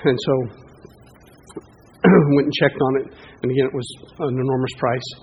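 A middle-aged man preaching a sermon as pastor, telling a story in a folksy, animated way that rises with excitement. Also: mid-range voice, normal speed, a little hiss or hum. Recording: dull lo-fi recording.

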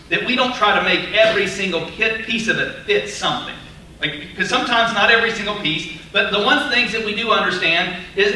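A male pastor preaching an emphatic, animated sermon with casual asides. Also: high-pitched, distant mic. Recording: echoey hall, voice off-mic, faint noise.

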